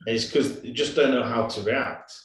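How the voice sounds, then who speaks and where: A man, a father, talking loosely about parenting in a relaxed chat. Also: medium pitch, normal speed, a little hiss or hum. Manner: relaxed, loose, many fillers. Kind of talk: casual chat. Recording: very echoey, off-mic.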